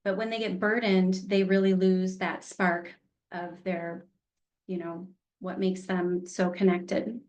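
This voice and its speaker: A woman's voice: fairly low pitch, little pitch movement, slow pace, a little mellow, dull audio. A middle-aged woman teaching an online healing class, chatty and candid, laughing easily. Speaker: workshop teacher.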